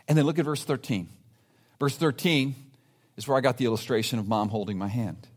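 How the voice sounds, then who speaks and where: A man preaching a sermon as pastor, emphatic and animated, with playful asides to the congregation. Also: mid-range voice, fairly quick. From grew up in a city.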